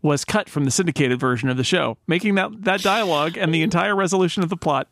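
A man's voice: on the high side, quick pace, a bit bright, slight background noise. A man hosting a podcast, recapping a show in a rambling casual way. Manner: rambling recap, many restarts. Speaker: podcast host. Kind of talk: casual chat.

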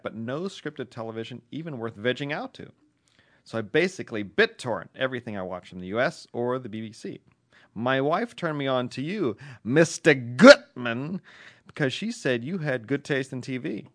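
A man's voice: medium pitch, lively intonation, brisk, fairly bright tone. A man co-hosting a podcast, reading a listener letter aloud with dry jokes and frequent laughs. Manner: dry, joking, laughs often.

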